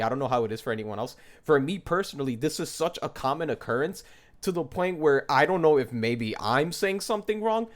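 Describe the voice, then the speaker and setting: A young man from the United States ranting in a casual monologue, exasperated and swearing often as he mocks what others say. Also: mid-range voice. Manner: exasperated, swears often, mocking quoted voices. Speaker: commentator.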